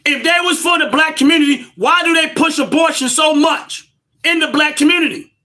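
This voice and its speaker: A man, hosting a livestream and ranting about politics loudly and emphatically, repeating his points. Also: extremely high pitch, fairly quick. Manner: loud, emphatic and repetitive, laughs between points. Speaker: livestream host.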